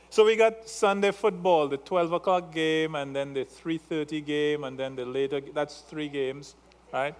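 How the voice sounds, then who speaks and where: A male pastor with a slightly raised voice and an accent delivers a sermon at an unhurried pace. He teases his congregation in a playful way and keeps checking in with them. His delivery is loose and conversational rather than formal. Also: on the high side, smooth. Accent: non-native English. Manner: playful, teasing the congregation, tag questions.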